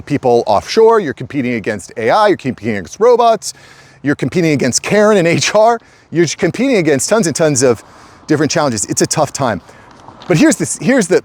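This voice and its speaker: Emphatic middle-aged man with a lively voice. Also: fairly high pitch. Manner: emphatic, repetitive, addresses viewers as guys. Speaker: channel host. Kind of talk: casual direct-to-camera talk.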